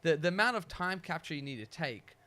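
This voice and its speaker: A man with a slightly raised pitch, chatting casually on a podcast. He muses aloud, asks questions and readily agrees with his co-host. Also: big pitch swings, brisk, sharp tone. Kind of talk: casual chat.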